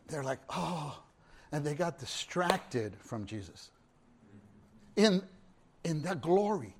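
A male preacher with a fairly high voice delivers a sermon that swings from hushed murmurs to loud, ringing exclamations. He repeats phrases for emphasis and keeps putting questions to his listeners. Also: sing-song, slow, pauses often, a little hiss or hum.

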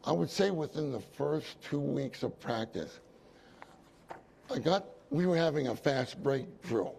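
A man's voice: medium pitch, animated, a little slow, gravelly, darkish tone, slight background noise. A man preaching a sermon, telling a personal story with repeated phrases and asides to his congregation. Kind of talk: sermon testimony.

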